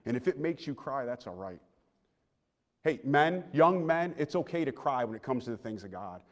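Guy in his 30s preaching, earnest, goes loud then real quiet, big church hall echo. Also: a little high, expressive, moderate pace. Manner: earnest, swings between loud and hushed. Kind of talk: personal sermon. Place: church sanctuary. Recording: long church hall reverb.

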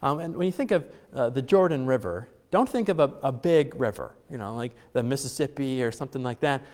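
A man's voice: medium pitch, animated, fairly quick, darkish tone. A middle-aged man preaching a conversational sermon to his congregation, chatty, with joking asides and frequent fillers and restarts. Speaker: pastor. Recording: long hall reverb.

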